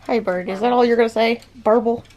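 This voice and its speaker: A woman's voice: on the high side, fairly even intonation, fairly quick, darkish tone, lo-fi sound. A woman vlogger chatting playfully to her pet parrot in teasing baby-talk, laughing often.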